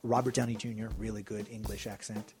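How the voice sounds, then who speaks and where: A man's voice: on the low side, level tone, quick pace. An American man co-hosting a podcast in casual, jokey, rambling chat. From United States. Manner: chatty, jokey, digressive. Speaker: podcast co-host.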